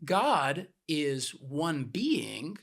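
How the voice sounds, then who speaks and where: A man's voice: on the high side, very animated, drawn-out words, gravelly, a bit bright. A man co-hosting a podcast, patiently teaching a point with plain everyday examples. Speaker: podcast co-host.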